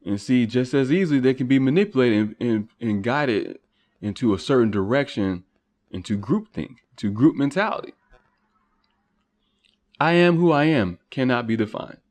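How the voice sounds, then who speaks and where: A podcast host thinks out loud in a loose philosophical monologue. He keeps asking rhetorical questions and restarting his sentences. His pitch moves with a lively range. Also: moderate pace.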